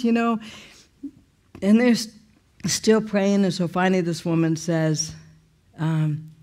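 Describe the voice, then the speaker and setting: A woman's voice: medium pitch, flat delivery, measured pace, long pauses, mellow. A woman sharing a personal testimony in a conversational, emotional way. She uses many fillers and restarts, and her voice jumps up sharply when she quotes her own angry words.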